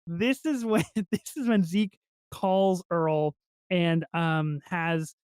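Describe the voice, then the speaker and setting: A man co-hosting a podcast in casual film review chat, excitable and swearing freely as he acts out movie lines. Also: high-pitched, takes it slowly, clear, resonant tone, dry recording, clean studio sound. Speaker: podcast co-host.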